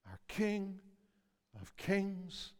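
A male pastor preaching a sermon, reading scripture slowly and emphatically, swelling and dropping in intensity. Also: high-pitched, very animated, in a large hall.

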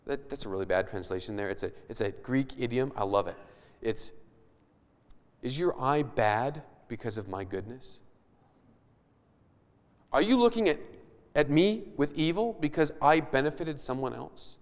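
Unhurried and animated, a male pastor with a mid-range voice reads scripture during his sermon before explaining it conversationally, leaning on emphatic rising questions. The church hall adds a long reverb.

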